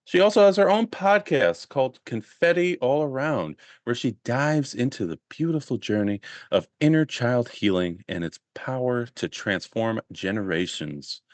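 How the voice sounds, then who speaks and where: Lively, animated male podcast host. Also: mid-range voice, moderate pace, few pauses, no echo. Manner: animated, laughs often. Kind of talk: casual podcast hosting.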